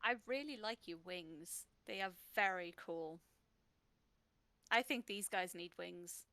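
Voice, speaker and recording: A woman's voice: fairly low pitch, slow, bright, forceful tone, no room sound. Woman, tabletop player, eager chatty talk, dry close sound. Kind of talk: casual tabletop game chat.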